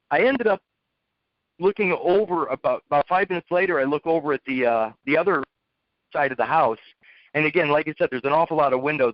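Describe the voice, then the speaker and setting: A man's voice: fairly high pitch, no echo. Guy telling a long blunt story, stumbles and restarts a lot, dry muffled recording. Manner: repeats words, restarts phrases, blunt. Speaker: speaker telling a lesson story. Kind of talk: rambling storytelling monologue. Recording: dull lo-fi, dry.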